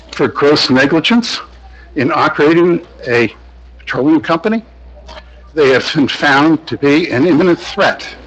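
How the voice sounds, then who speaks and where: A man speaking during public comment at a county meeting. He talks in a forceful, formal and accusatory way. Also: on the high side, rough recording. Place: county commission meeting room.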